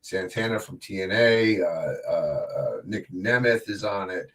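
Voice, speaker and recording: A man's voice: low voice, unhurried, fairly bright tone, far from the mic. A man guesting on a casual wrestling podcast, rambling with many fillers and restarts and joking around. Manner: jokey, slips into wrestler impressions.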